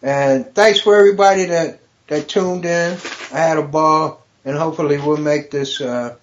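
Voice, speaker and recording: Man comedian guest, slightly high voice, storyteller who cracks up at his own jokes. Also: moderate pace, dull audio, a little hiss or hum. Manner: storytelling, builds jokes and laughs loudly at his own punchlines. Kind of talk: casual podcast chat with joke telling.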